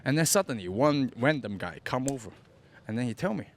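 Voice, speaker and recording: A man's voice: mid-range voice, animated, a little fast, a little hiss or hum. A young man from Hong Kong with a Cantonese accent, a podcast guest telling his story in broken English, often repeating words as he goes. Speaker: interview guest. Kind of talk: casual storytelling.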